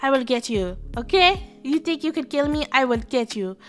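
A woman's voice: high voice, lively intonation, moderate pace, faint music behind. A woman playing a smug, pompous French king. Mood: taunting. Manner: pompous, self-satisfied taunting.

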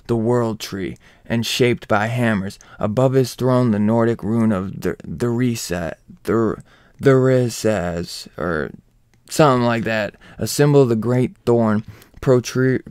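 A man casually recapping a comic book, rambling and excitable with lots of fillers. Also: medium pitch, clear, resonant tone, dry recording, studio quality.

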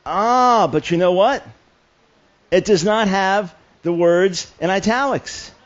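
A man with a fairly high voice delivers a sermon at a camp meeting. He tells stories with humor and often stumbles over restarts. The live recording sounds dull and muffled. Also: takes it slowly. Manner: storytelling with humor and many restarts. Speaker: guest preacher. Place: church camp meeting hall.

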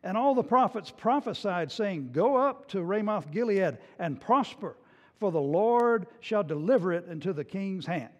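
A male pastor preaches a sermon with a high voice. He retells a scripture story with a storyteller's flair and sometimes acts out its scenes. His words ring out with a long reverb, as in a church sanctuary. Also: lively intonation, normal speed, darkish tone, muffled recording.

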